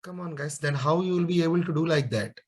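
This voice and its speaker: A man's voice: fairly high pitch, fast, husky. A young man teaching a live online coding class, scolding and encouraging students and repeating his questions. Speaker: programming teacher.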